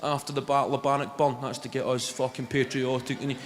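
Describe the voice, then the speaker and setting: On stage at a large live venue, a Scottish man performs stand-up, telling brash, sweary stories and slipping into acted-out voices. His medium-pitched voice has little pitch movement and runs a little fast. The hall is echoey with loud ambience and slight background noise.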